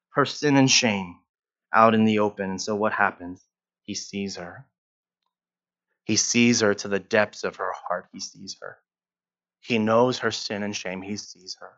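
A man in his forties preaching a sermon, repeating his lines and swinging from hushed to emphatic. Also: lowish voice, highs cut off. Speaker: pastor.

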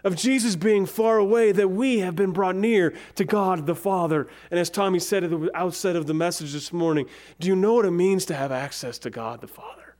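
A man preaching a sermon, slow and dramatic, his voice dropping to a near whisper on key words. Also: sits high, a little mellow. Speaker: pastor.

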